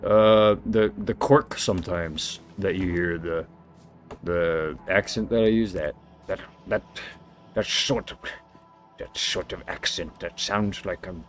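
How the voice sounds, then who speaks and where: A man with a fairly low voice talks slowly and playfully while streaming a game. He rambles and circles back with many hesitations, and soft music plays faintly behind him. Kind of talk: casual livestream chat.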